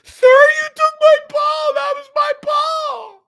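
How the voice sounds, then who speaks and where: A man putting on a shrill, sobbing, entitled middle-aged woman who shouts and whines. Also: level tone, takes it slowly, gravelly, heavily acted. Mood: shrill demand. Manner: screeching, whiny, crying while shouting.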